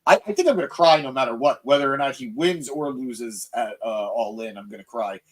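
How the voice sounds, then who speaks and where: A young man hosts a live podcast and riffs on viewer comments. His delivery is excitable and self-mocking, full of jokes and little fillers, and his pitch sits in an everyday middle range. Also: brisk. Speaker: podcast host.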